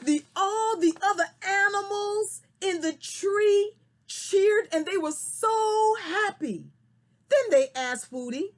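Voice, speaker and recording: A woman telling a story to children, slow and very expressive, then talking to her young viewers. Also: very high voice. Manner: slow, sing-song and very expressive.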